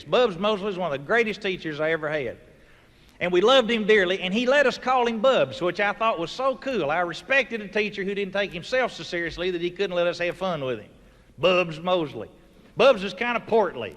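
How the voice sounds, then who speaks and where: High bright comedian in a hall. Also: male voice. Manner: folksy, animated, with sudden loud voiced sound effects. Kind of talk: stand-up storytelling. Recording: live show recording from a hall with audience ambience.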